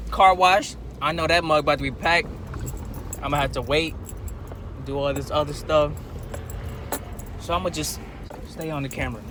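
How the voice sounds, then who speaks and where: A man's voice: mid-range voice, background noise. A young man talking casually to the camera in a slangy, rambling way, with a groggy morning voice, recorded in a car and outdoors in the city. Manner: laid-back, slangy, rambling. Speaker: vlogger. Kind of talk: casual vlog talk to camera.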